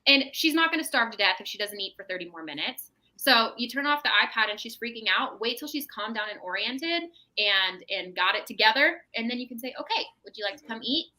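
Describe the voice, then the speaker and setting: A woman speaks as a mental health professional on a podcast, talking a parent through calm, practical advice. Her voice is bright and sits a little high. She keeps checking in with "right?" as she explains. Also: brisk, poor audio. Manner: explanatory, tags statements with "right?". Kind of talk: casual advice chat.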